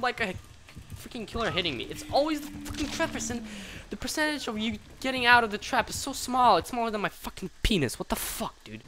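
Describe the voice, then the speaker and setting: Male gamer, live play commentary, bright edgy tone, wildly lively pitch, profane and jumpy. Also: fairly quick, slight background noise. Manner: excitable, profane, swings between mutters and shouts. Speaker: gamer commentating his own match.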